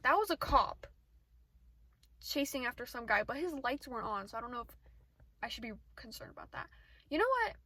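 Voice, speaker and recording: Chatty teen girl rambling fast. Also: fairly high pitch, expressive, sharp tone, no echo, poor audio. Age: teens. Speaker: vlogger. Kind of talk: casual rambling vlog. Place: outdoors, sitting in a parked car area.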